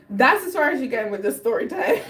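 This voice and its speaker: A woman's voice: sits high, heavy background noise. A woman hosting a livestream, telling a personal story in casual slang and laughing often. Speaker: livestream host.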